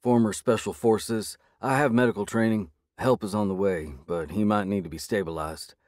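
A man voicing a huge blue werewolf ex-soldier with an East Texas drawl and a low, growly voice. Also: fairly even intonation, moderate pace, darkish tone, no room sound, studio quality, close to an everyday voice. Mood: calm reassuring.

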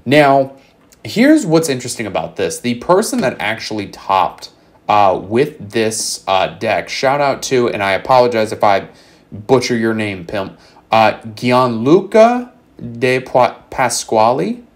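A man's voice: fairly low pitch, animated, measured pace. Hype, profane young man breaking down a deck. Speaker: card game content creator.

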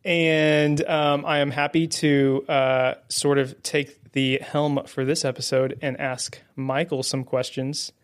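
A man's voice: mid-range voice, level tone, takes it slowly, few pauses, clear, resonant tone. A man co-hosting a faith podcast in casual conversation, friendly and self-deprecating, with many fillers, close to the mic. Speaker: guest co-host. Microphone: held close to the mouth.

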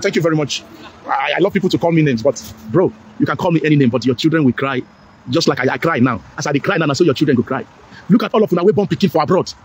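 A man with a Nigerian accent full of Pidgin turns delivers a rapid, emphatic political monologue. His voice sits high for a man, and he hammers the same lines again and again in a preachy tone. Faint background noise runs under it. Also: lively intonation. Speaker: political commentator. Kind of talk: impassioned monologue.

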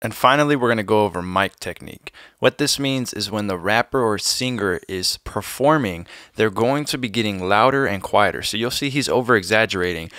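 A man's voice: fairly low pitch, normal speed, hardly any pauses, pushed and bright, no room sound, clean studio sound. A young man, a music producer, giving a plain step-by-step tutorial on recording vocals. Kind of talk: instructional tutorial.

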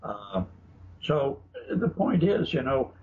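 Speaking slowly but with great animation, a man with a slightly rough, medium-pitched voice tells anecdotes as an interviewed guest author and researcher. His storytelling is chatty and full of restarts. Faint noise runs under the dull, lo-fi broadcast sound.

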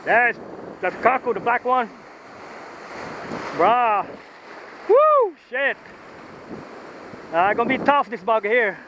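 A man fishing from the shore, whooping and calling out excitedly as he fights a big fish, with surf and wind behind him. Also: sits high, measured pace, long pauses. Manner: whooping, shouting with excitement, local slang. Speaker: fisherman. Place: outdoors on the shore by the ocean. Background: waves and wind.

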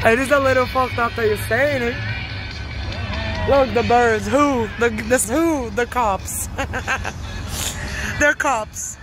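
A woman's voice: fairly high pitch, takes it slowly, long pauses, music in the background, a crowd in the background. A woman vlogging in a casual, rambling monologue, profane and offhand, laughing often as she talks outdoors on a street.

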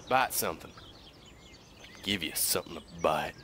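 A young man giving casual commentary on a fishing game, excitable, swearing and coaxing the fish along. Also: on the low side, a little slow, slight background noise. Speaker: gaming video creator.

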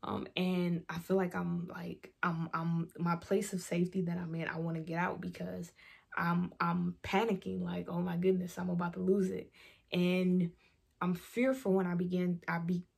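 A woman shares an earnest devotional reflection, moving between scripture and her own story. Her voice sits low and carries a gravelly, husky edge. The tone is mellow and dark rather than bright. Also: flat delivery, measured pace. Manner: earnest, reflective, personal testimony. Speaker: vlog host. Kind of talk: devotional talk with scripture reading.

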